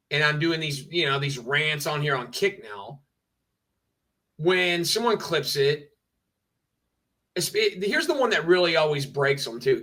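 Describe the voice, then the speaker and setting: Bright-voiced ranting male streamer. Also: fairly high pitch. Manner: emphatic, repetitive, heated. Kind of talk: ranting livestream talk.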